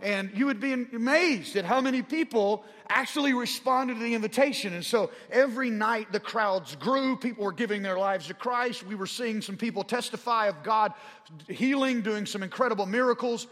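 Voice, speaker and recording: Fervent Southern preacher man, high voice. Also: normal speed, fairly bright tone. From Arkansas. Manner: rising in pitch and volume as he gets fervent. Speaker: pastor. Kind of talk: sermon storytelling. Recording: long hall reverb.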